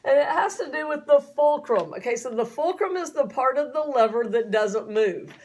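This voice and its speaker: A woman's voice: sits high, animated, moderate pace, darkish tone. A woman teacher giving a chatty classroom lecture, often asking her students questions.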